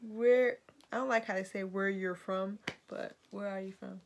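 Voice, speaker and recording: A woman's voice: medium pitch, steady tone, normal speed, gravelly, slight background noise. A young woman from Washington, D.C., chatting in a laid-back, giggly way as the vlogger's sister. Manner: laid-back, giggly, reads questions aloud. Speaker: guest sister. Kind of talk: casual chat.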